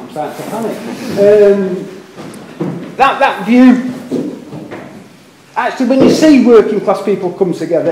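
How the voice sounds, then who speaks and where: A man's voice: high-pitched, warm tone. Earnest older Liverpool man in an echoey hall. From England. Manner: earnest, rambling, self-deprecating asides. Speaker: public meeting speaker. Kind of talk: impassioned public speech. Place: meeting hall.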